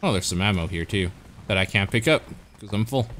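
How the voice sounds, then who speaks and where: Man co-op gamer, fairly low voice, wry and sarcastic, casual commentary. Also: lively intonation, a little fast, a bit bright, a little hiss or hum.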